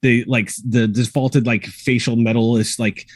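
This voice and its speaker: A man narrating a tabletop game as game master, relaxed and full of fillers. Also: medium pitch, a little slow, no room sound.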